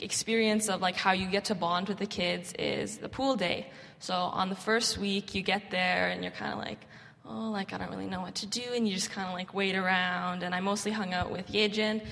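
A woman's voice: mid-range voice, a bit bright. Chatty young woman in a reverberant hall. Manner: chatty, lots of "like" fillers. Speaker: camp volunteer sharing stories. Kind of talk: casual storytelling talk.

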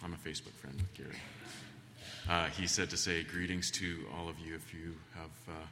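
In a sharp, low voice with little pitch movement at normal speed, the man preaches as a guest in a church sanctuary. He rambles through family stories with many fillers and restarts, and the recording carries a long reverb.

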